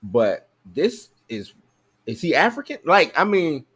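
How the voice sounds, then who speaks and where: A man's voice: on the high side, big pitch swings, a little slow, fairly bright tone, slightly rough. Casual slang-heavy male podcast host. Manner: loose, joking, full of slang and filler. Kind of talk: casual chat.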